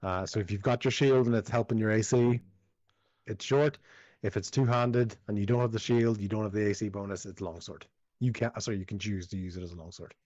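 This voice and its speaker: A man running a tabletop game as game master, easygoing and quick to affirm, explaining rules and describing the scene. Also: lowish voice, fairly even intonation, a little mellow, dry recording. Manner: easygoing, affirming with repeated yeahs. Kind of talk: narrating and ruling a tabletop game. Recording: slightly dull lo-fi audio.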